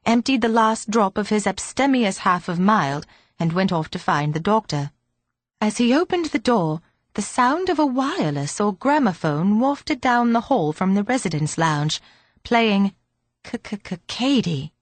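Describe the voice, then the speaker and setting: A woman narrating an audiobook in a steady, measured reading. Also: medium pitch, dry recording. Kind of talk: scripted narration.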